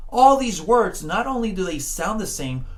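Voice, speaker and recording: A man teaching a Spanish pronunciation lesson, encouraging the learner, often checking in with "okay?", and drawing out words slowly to model them. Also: high-pitched, sing-song. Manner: slow, drawn-out words when modeling sounds. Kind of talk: spoken language lesson.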